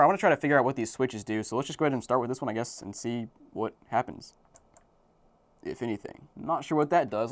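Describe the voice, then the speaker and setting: Young male host, fast and chatty, dry close sound, middle pitch, excitable unboxing vlogger. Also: dry recording. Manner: excited, exclaims often. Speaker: video host. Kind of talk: casual unboxing commentary.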